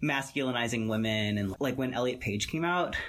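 A man speaking earnestly in a relaxed, casual podcast-style chat. His voice sits at an everyday middle pitch, and his sentences run long and loose, strung together with "like" and "you know". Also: fairly quick, slight background noise. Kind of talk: casual conversation.

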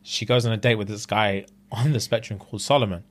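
A man, co-hosting a casual podcast and telling a story in an animated way, full of slang and laughter. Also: fairly low pitch, fast. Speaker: podcast co-host. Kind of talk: casual chat.

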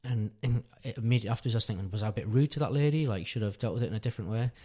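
A man's voice: fairly low pitch, very fast, mellow, slightly rough. A man, around his thirties, telling a long personal story in casual chat, rambling and correcting himself as he goes. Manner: rambling, self-correcting, earnest. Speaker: podcast guest, father.

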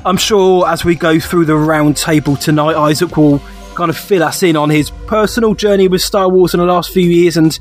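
A man hosting a podcast in a slightly high voice, playful and punning as he welcomes listeners. Faint music sits under him. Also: fairly even intonation, normal speed. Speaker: podcast host. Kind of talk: casual chat.

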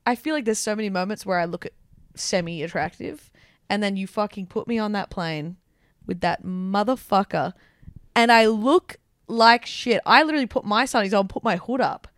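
A young woman co-hosting a podcast in casual, animated chat, telling stories with swearing and laughter. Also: mid-range voice, normal speed, no echo, studio quality. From Australia. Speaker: podcast co-host.

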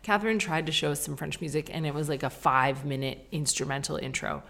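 A middle-aged woman talks on her own podcast in a loose, stream-of-consciousness ramble. Her voice sits on the low side for a woman. She is chatty, mocks herself freely and drops the odd swear word. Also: fairly even intonation, quick pace, vocal fry, fairly bright tone. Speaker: podcast host. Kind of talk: casual podcast monologue.

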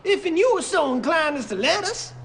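Brash fake oilman, high voice, bouncy swooping pitch, folksy bluster, film scene. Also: big pitch swings, fairly quick, a bit bright, slight background noise, heavily acted. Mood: folksy eager. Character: brash male con man posing as a Southern oilman. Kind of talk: film dialogue.

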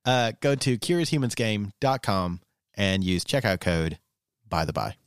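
A man's voice: on the low side, animated, measured pace, clean tone, dry recording. Playful man on a dry podcast mic. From Australia. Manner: playful, teasing, jokey. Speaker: podcast co-host. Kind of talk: casual chat with read ads.

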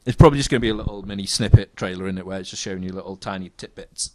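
A young man chatting casually about films as a podcast co-host, animated and sweary, with trailing restarts. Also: deep voice, racing, slight background noise. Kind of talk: casual film chat.

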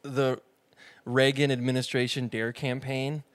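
A man co-hosting a podcast, reacting with quick jokes and animated teasing. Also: medium pitch, smooth, no echo. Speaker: podcast co-host. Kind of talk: casual chat.

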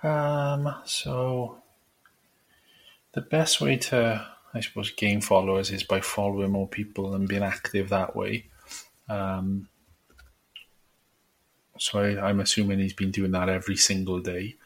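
Low gravelly dude co-hosting, husky voice, easygoing quiz vibe. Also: male voice, unhurried, long pauses. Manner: relaxed quiz-style prompting. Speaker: podcast co-host. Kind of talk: casual chat.

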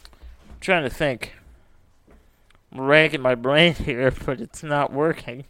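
A man's voice: fairly high pitch, takes it slowly, no room sound. A young man in casual chat, telling stories with lots of slang and swearing. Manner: animated storytelling, heavy slang and swearing.

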